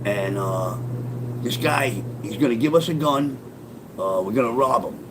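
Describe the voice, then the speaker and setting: Profane, animated New storyteller man. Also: medium pitch, unhurried, a little hiss or hum. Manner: profane, animated, punchy street talk. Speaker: storyteller and author. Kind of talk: casual spoken storytelling.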